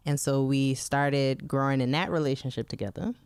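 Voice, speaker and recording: A woman co-hosting a podcast in casual, chatty talk, laughing often and filling pauses with "um" and "like". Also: very deep voice, steady tone, darkish tone, clean tone, no echo, clean studio sound. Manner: chatty, laughing, lots of fillers. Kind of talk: casual chat.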